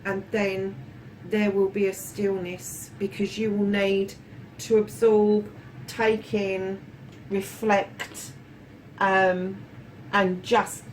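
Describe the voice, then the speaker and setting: A woman giving a casual tarot reading, chatty and affectionate, swearing freely and calling her viewers darlings. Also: medium pitch. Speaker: tarot reader. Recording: slightly distant mic with faint room noise.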